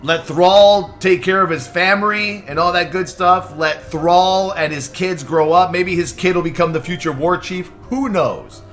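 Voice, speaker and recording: A young man hosting a live stream, stressed and excitable, swearing and thanking subscribers in quick bursts. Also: high voice, faint music behind. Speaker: livestream host. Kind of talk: live reaction stream chatter.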